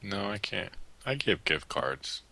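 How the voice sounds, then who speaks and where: A man co-hosting a casual podcast, teasing in a deadpan way and swearing freely. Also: low-pitched, measured pace, creaky. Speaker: podcast co-host. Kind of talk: casual banter.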